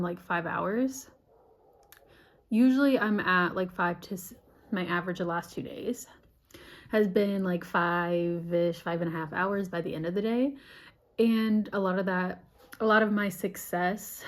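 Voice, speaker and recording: Chatty young woman vlogging. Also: mid-range voice. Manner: chatty, fillers like "like", giggly. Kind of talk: casual vlog chat.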